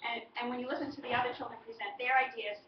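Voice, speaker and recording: A woman teacher giving a model poetry presentation, explaining in a deliberate, clearly paced way. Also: a little high, fairly even intonation, noisy background. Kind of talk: model student presentation on a poem. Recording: echoey, distant, dull and lo-fi.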